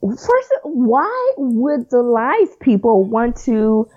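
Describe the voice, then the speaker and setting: Woman guest chatting, lively voice up and down, muffled lo-fi sound. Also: fairly high pitch, very slow. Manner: animated, emphatic, repeats herself. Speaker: podcast guest. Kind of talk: casual chat.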